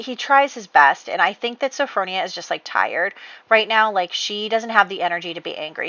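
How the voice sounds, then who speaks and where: A woman's voice: fairly low pitch, pushed and bright, dry recording, lo-fi sound. A woman casually telling the story of her life-sim game, chatty and full of fillers. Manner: chatty, heavy on fillers like "you know" and "like". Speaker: let's play host.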